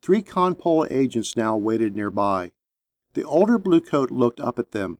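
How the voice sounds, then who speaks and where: A man narrating an action story in a steady, measured audiobook reading. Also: mid-range voice, dry recording.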